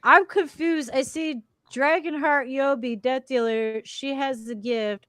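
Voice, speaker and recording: A woman guest on a casual podcast, telling lively stories, acting out what people said and laughing often. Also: high voice, a little slow, clean tone, no room sound, clean studio sound. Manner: animated storyteller who acts out quotes and laughs often. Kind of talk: casual chat, storytelling.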